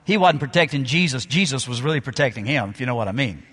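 Pastor preaching in a reverberant hall. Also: male voice, medium pitch, animated, husky. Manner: storytelling, dramatic pauses, shifts loud and soft. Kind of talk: sermon. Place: church sanctuary. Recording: long reverb of a large hall.

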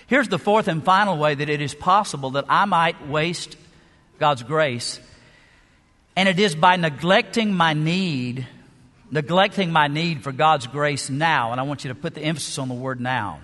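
A man's voice: on the high side, normal speed, bright, forceful tone. A man preaching a sermon as pastor, emphatic, with rhetorical questions and shifting pace. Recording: long hall reverb.

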